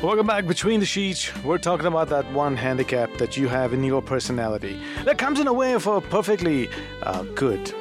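A man's voice: on the high side, sing-song, brisk, over music. A man hosting a call-in radio show, joking and teasing and cutting in on his caller. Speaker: radio host.

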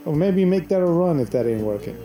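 A man's voice: fairly high pitch, lively intonation, quick pace, warm tone, faint music behind. A man hosting a call-in radio show, joking and teasing and cutting in on his caller. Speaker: radio host.

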